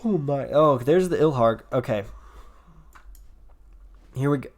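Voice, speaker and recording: A man's voice: medium pitch, lively intonation, unhurried, long pauses. A man giving casual commentary over his own card game, rambling and thinking aloud with fillers, yawning and a bit tired. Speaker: gameplay commentator.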